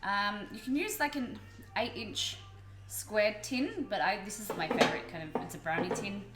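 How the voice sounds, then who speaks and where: An Australian woman from Melbourne hosts a live cooking stream, chatting casually with viewers while she cooks. Her medium-pitched voice is animated and moderately paced. The recording is very noisy, with a roomy echo and music behind her.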